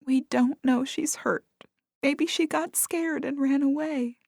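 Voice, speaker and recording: A woman voicing a grieving young woman who speaks softly and wearily in an audiobook. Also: high-pitched, fairly even intonation, slow pace, creaky, no room sound, studio quality, voice pushed up, full character voice. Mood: tired, gentle.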